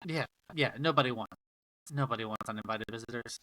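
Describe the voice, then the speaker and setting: A man's voice: mid-range voice, a little fast, a loud crowd, poor audio. A man co-hosting a podcast, casually and agreeably retelling the plot of a TV episode. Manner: laid-back, agreeable, swearing in passing. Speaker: podcast co-host. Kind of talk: casual chat recapping a TV episode.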